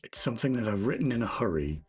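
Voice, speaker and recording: Quick and lively, a husky male voice sits on the low side with a darkish tone, faint music behind it. He chats jokily and self-deprecatingly with viewers while streaming his game development, correcting himself as he thinks aloud over the code.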